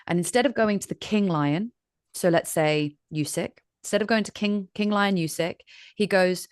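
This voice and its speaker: Animated Irish-born woman, dry sound. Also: on the low side, normal speed, dry recording. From Ireland. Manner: animated storyteller, acts out voices in analogies. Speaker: host. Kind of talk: conversational interview.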